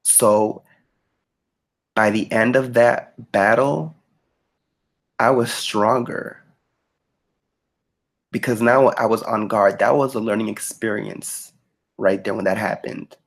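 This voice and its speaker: Male co-host, gravelly voice, casual and profane storyteller. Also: lowish voice, slow, pauses often. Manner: animated, profane, emphatic retelling.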